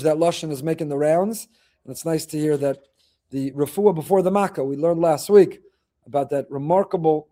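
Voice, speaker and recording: A middle-aged man, a rabbi, telling faith stories in a quick, animated flow. His voice sits high and sounds mellow rather than bright. He repeats key phrases to drive them home. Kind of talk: weekly faith talk.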